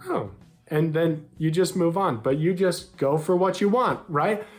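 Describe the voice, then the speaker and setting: Over faint music, a young American man advises men on dating, speaking straight to camera in an upbeat, direct manner and playing out short quoted lines. His voice leans high and his pace is measured.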